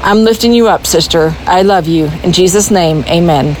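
A woman's voice: lowish voice, normal speed, a little mellow, slight background noise, rough recording. A woman from Texas with a Texan accent, calling in with an earnest, pleading prayer message. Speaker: caller.

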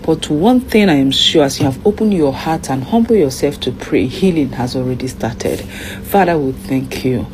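Woman caller, deep low voice, gentle reassuring prayer, noisy far-off line. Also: expressive, moderate pace. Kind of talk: spoken prayer for another caller.

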